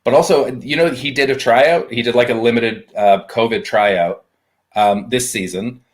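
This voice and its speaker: Laid back dude talking sports, jokes around, swears some, normal pitch. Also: male voice, normal speed. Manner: relaxed, joking, swearing. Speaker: podcast co-host. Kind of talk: casual chat.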